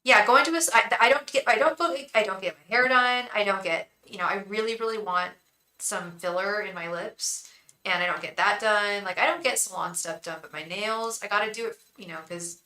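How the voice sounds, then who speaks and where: A woman's voice: medium pitch, brisk, pushed and bright, poor audio. A woman tarot reader chatting casually on a livestream, rambling and talking straight to her viewers.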